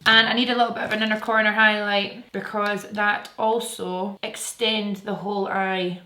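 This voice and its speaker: A woman's voice: medium pitch, little pitch movement, moderate pace, sharp tone, a little hiss or hum. A woman with a Scottish accent chatting casually and gushing while she does her makeup in a tutorial at home. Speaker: beauty vlogger. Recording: roomy sound with faint music.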